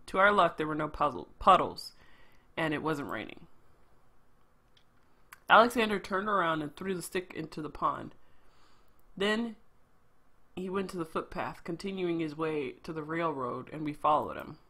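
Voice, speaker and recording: A game streamer reading a story game's narration aloud, with quick asides of their own. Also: mid-range voice, lively intonation, sharp tone.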